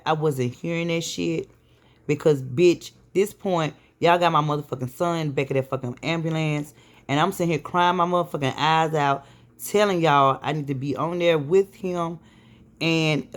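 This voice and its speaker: Stressed woman venting, swearing hard. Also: low-pitched. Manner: heavy swearing, many fillers and restarts. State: stressed and weary. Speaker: vlogger. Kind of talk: casual venting to camera.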